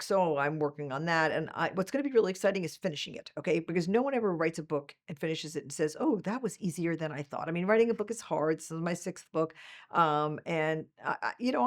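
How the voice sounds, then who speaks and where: A woman in her sixties, a management professor, telling stories in an interview and acting out quotes with big jumps in pitch. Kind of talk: conversational interview.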